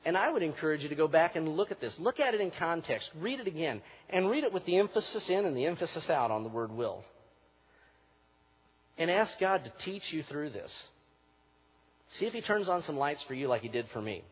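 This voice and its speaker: Pastor, male, husky and fairly high, preaching; muffled recording with long hall echo. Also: very animated, a little fast. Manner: preaching, rising to forceful emphasis. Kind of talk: sermon.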